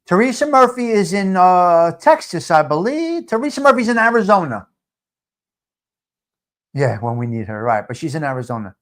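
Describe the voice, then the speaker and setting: A brash middle-aged man runs a live chat stream, teasing his viewers. His voice sits high for a man and swings widely up and down as he jokes. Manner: brash, teasing, street-wise banter.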